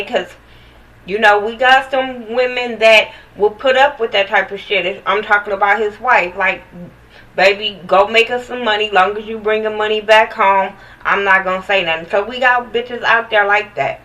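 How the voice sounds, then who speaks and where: A woman's voice: medium pitch, moderate pace, bright, forceful tone, distant mic, rough recording. A woman giving a blunt, profane, sassy recap of a reality TV episode in casual chat, talking straight to the viewers.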